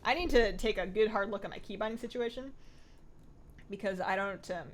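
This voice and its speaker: A woman's voice: medium pitch, a little fast. A woman hosting a casual gaming livestream, thinking aloud, answering viewer chat and laughing often. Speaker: livestream host playing an online game.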